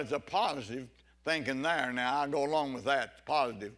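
A man's voice: mid-range voice, a little fast. A man preaching an evening sermon with fervor, repeating phrases and calling out amen and hallelujah. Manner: fervent, builds to loud exclamations.

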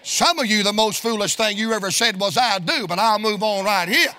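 A middle-aged man, preaching a storytelling sermon in a folksy, sing-song cadence that rises into shouts. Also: sits high, normal speed, few pauses. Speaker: evangelist preacher.

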